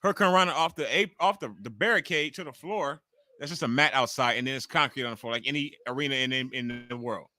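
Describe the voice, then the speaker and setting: A man in his forties hosting a wrestling watch-along live stream, reacting excitably and ranting with heavy swearing. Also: medium pitch, quick pace. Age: 40s.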